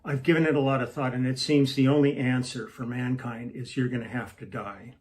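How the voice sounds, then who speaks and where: A man voicing a grave, fatherly God in a spoken joke, talking quietly and matter-of-factly. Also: medium pitch, steady tone, a little fast, slight background noise, natural voice.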